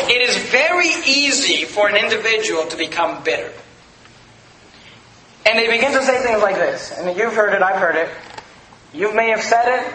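A man preaching from the pulpit with a strikingly high, sharp voice. He talks to the congregation casually, throwing out rhetorical questions. The room rings with echo and a faint background hum. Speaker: pastor. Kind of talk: sermon. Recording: echoey room with faint ambience.

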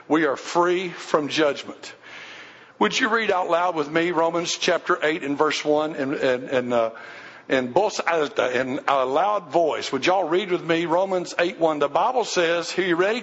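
Male pastor, emphatic sermon delivery, high voice, muffled church-hall sound. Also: fairly bright tone. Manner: emphatic preaching, repeats phrases, asks congregation to respond. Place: church sanctuary. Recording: dull sound with long hall reverb.

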